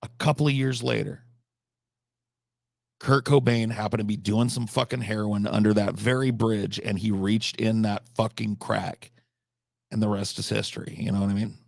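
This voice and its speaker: A man hosting a live stream, telling rambling, absurd comic stories with deadpan delivery and profane asides. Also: lowish voice, normal speed, creaky, dry recording, studio quality. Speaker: livestream host.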